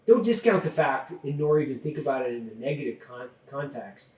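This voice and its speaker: A man chats as a podcast host, emphatic and loose with his swearing. His voice sits at an ordinary pitch and sounds a little distant from the mic. The room adds a noticeable echo. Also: lively intonation, a little fast. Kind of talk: casual conversation.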